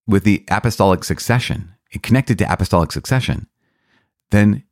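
Priest, male host, deep voice, earnest and eager teaching delivery with repetitions, dry studio sound. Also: no echo. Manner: earnest, enthusiastic, with frequent restarts and repetitions. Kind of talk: catechism commentary.

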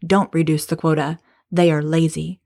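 A woman reading the lines of a haughty, scornful male king, in her own low, mellow voice with little change. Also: flat delivery, moderate pace, gravelly. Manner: dismissive, scolding.

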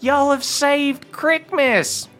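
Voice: high-pitched, very slow, a bit bright, soft background music, pitched above the performer's own voice, exaggerated voice. A game master voicing a folksy, grandmotherly old elf matriarch in a tabletop game, in a raised put-on voice. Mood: warm.

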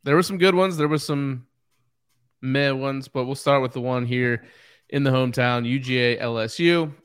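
A man co-hosting a casual sports podcast, talking in a measured way and moving the show along to the next topic. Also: medium pitch, clean tone. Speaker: podcast co-host.

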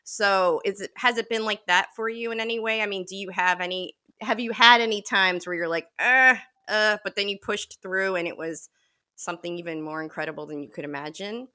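Bright-voiced woman host asking questions. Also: mid-range voice, a little fast. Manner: encouraging, prompting questions. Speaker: interview host. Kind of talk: casual interview questions.

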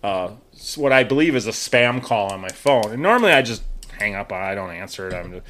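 A man in his thirties, a podcast co-host, telling a story in casual chat, animated and swearing freely while acting out the other voices. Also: lowish voice, brisk.

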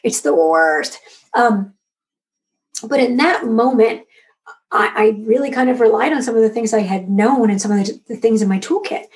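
A woman in her forties, an author guest, telling a personal story in a candid, emotional, animated way. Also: on the high side, moderate pace. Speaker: author and magazine editor, guest. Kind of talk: conversational interview.

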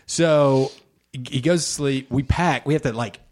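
A middle-aged man chatting casually as a podcast co-host, telling a long story with lively energy. He slips into quoted voices of others as he goes, at an even middle pitch. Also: measured pace. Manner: animated, acts out his son's voice in quotes.

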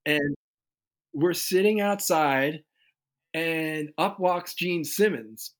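A man guest on an interview podcast, telling stories in a loose, animated way and acting out the people he quotes. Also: fairly high pitch, takes it slowly. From United States. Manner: animated storyteller who acts out quoted voices. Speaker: guest musician. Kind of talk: casual interview storytelling.

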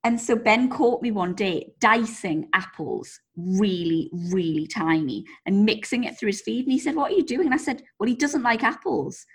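A woman co-hosting a podcast, telling stories in a lively way and swearing casually. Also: medium pitch, normal speed, hardly any pauses, husky. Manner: animated storyteller, swears casually. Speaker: podcast co-host. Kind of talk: casual chat.

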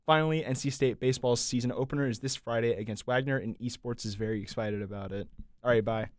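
A young man hosting a short sports news segment, reading a scripted roundup briskly with wry asides. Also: medium pitch, dry recording, clean studio sound.

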